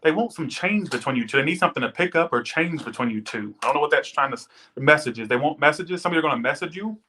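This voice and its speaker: A man's voice: fairly high pitch, lively intonation, fast talker, bright, forceful tone, breathy edge. A man giving a casual live tarot reading, rambling and chatty, swearing now and then as he thanks viewers and tells stories. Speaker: tarot reader. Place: Las Vegas.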